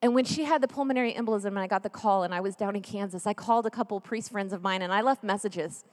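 A woman's voice: mid-range voice, fast talker, big-room sound. A woman in her thirties giving an earnest, emotional testimony talk as a Catholic speaker, at times dropping almost to a whisper. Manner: earnest, emotional storytelling, drops to near whisper.

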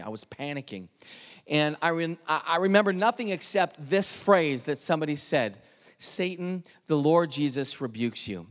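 A man giving an earnest personal testimony, dropping to a hush at the tense moments. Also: a little high, lively intonation, moderate pace, in a large hall. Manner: earnest storytelling, drops to hushed tones at tense moments. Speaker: speaker telling his testimony.

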